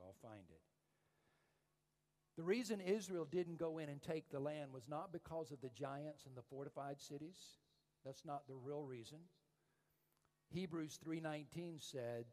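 A man preaching a sermon and telling stories, swinging from hushed tones to loud, emphatic calls. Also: on the high side. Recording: echoey hall reverb.

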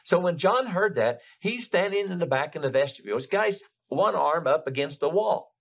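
An older man preaching a sermon, retelling a story in an animated, building way with frequent restarts. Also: a little high, moderate pace, creaky.

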